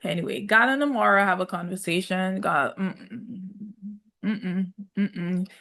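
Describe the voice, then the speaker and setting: A woman's voice: medium pitch, bright, forceful tone. Sassy young woman reviewing reality TV. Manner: sassy, emphatic, drawn-out repetitions. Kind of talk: casual opinionated commentary.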